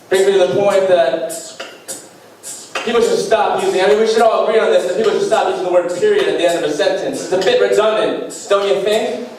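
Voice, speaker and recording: A young male comedian delivers deadpan one-liners with a slightly high voice. He sounds distant from the mic, and the small club around him rings with a heavy echo. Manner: deadpan one-liners with self-deprecating asides. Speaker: stand-up comedian. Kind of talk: stand-up comedy set. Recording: echoey club heard from far off. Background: faint beatbox and room noise.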